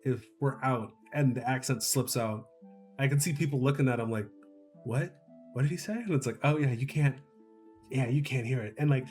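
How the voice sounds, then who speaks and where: A man's voice: medium pitch, darkish tone. A man in casual chat who rambles, repeats himself and laughs often. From Chicago area.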